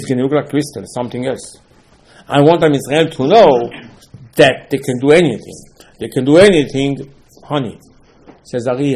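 A man teaching a Torah lecture in halting English, repeating phrases for emphasis. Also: mid-range voice, warm tone.

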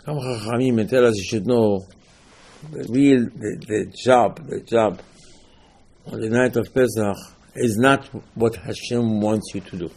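A man giving an animated Torah class, asking and answering his own rhetorical questions. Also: fairly low pitch, a little slow, breathy edge. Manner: animated, rhetorical questions, lively emphatic teaching.

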